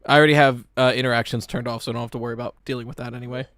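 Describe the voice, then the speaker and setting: A man chatting casually on a live stream, reacting to a game trailer in an animated, excitable way and swearing casually as he talks to his chat. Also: medium pitch, racing, dry recording, clean studio sound.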